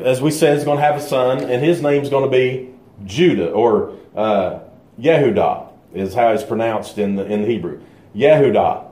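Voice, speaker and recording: A man's voice: medium pitch, a little mellow. A man teaching a bible study in a conversational way, thinking aloud with fillers and restarts. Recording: echoey room.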